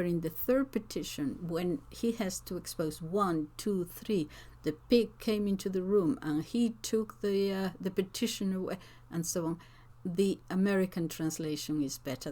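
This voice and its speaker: A woman teacher answering viewers' comments in an unscripted talk, slow and thoughtful, with frequent hesitations and restarts. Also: on the low side, darkish tone. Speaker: language teacher and channel host.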